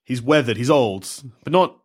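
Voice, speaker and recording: A man's voice: mid-range voice, animated, normal speed. A man playing a tabletop game, describing a character in a dry, blunt, joking way. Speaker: player. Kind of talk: tabletop role-play.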